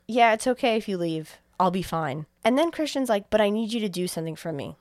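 A woman's voice: medium pitch, fairly quick, no echo, studio quality. A young woman, a podcast co-host, casually retelling a film's plot, acting out the characters' lines and swearing freely. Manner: animated storytelling, acting out quotes, swears freely. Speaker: podcast co-host recapping a film.

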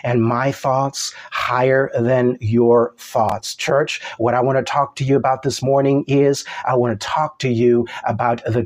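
A man preaching a sermon, emphatic, repeating key phrases and breaking in with praise. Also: medium pitch.

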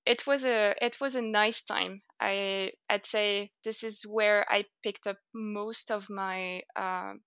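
A young woman with a French accent, chatting casually as an interview guest, laughing often and filling pauses with "uh" and "like". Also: medium pitch, fairly even intonation, fairly bright tone, clean tone, no room sound.

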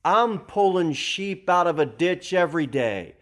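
A man voicing a confident male teacher who challenges his critics in an emphatic, casual, rhetorical way, pitched high and loud. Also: expressive, unhurried. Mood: challenging.

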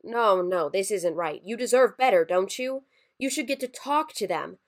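A woman's voice: mid-range voice, expressive, normal speed, lightly acted. A woman voicing a scheming reptilian male Santa creature in a story reading, eager and wheedling. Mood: pleading.

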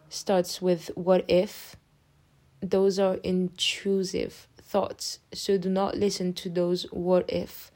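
Young woman podcast host, mellow warm voice, candid rambly update, lots of restarts. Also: medium pitch. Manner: openly emotional, affectionate toward listeners. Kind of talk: casual personal update monologue.

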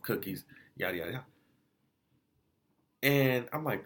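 A man casually reviewing food spots in a vlog, telling it as an animated, slangy story full of restarts and quoted exchanges. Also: fairly low pitch, measured pace.

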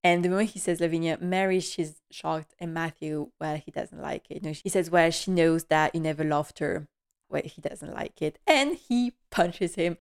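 Woman with a slightly low voice, chatty and gushing, for a casual TV recap. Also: normal speed, creaky, clean tone. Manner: chatty and gushing, with frequent laughs. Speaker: TV recap vlogger.

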